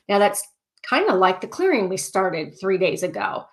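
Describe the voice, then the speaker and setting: An excitable woman coaching a group in a loose, casual way. She circles back and repeats her phrases and clearing statements, stopping herself mid-thought to start again. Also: mid-range voice, moderate pace. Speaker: life coach. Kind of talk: coaching session, casual and repetitive.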